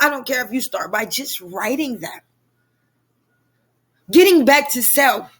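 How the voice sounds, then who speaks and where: A woman leading a personal growth class, talking emphatically and repeating her points like a preacher. Her voice sits a little higher than usual. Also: a bit bright. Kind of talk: motivational personal talk.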